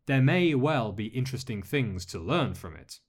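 A man voicing a masked male lord who speaks in a measured, polite way with dry humor. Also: medium pitch, animated, lightly acted. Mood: calm. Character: masked male dark lord, calm, courteous, wry.

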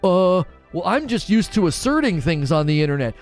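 A man's voice: high voice, big pitch swings, moderate pace, soft background music. A man arguing and talking through a live stream, full of rhetorical questions.

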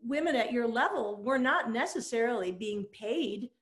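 High-voiced woman hosting an interview. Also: expressive, moderate pace. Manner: prompting, brief encouraging replies. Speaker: interview host.

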